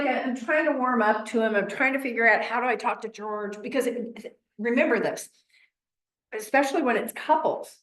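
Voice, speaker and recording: A woman with a Midwestern American accent teaching a real estate class, telling stories with chatty, animated acted-out quotes. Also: fairly high pitch. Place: training classroom. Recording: echoey room.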